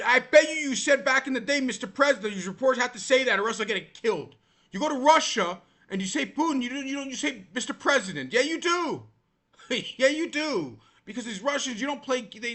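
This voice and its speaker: A man with a high, lively voice rants bluntly, his tone bright and pointed. He talks in exasperated commentary, swinging up and down as he goes. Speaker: vlogger. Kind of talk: ranting commentary.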